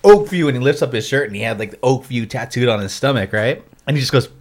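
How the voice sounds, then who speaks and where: Brief: man, mid pitch, rambling casual storyteller with many fillers. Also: fast talker, slight background noise. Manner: rambling, full of "like".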